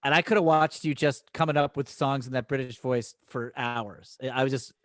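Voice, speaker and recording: A man, an improv teacher guesting on a podcast, telling animated stories in casual chat and laughing often. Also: mid-range voice, moderate pace, dry recording, studio quality.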